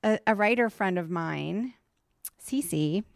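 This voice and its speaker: A woman co-hosting a podcast from home, telling a story in a casual, animated way, peppered with "like" and swearing. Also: mid-range voice, slow pace, vocal fry, no echo, studio quality. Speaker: podcast co-host. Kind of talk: casual chat.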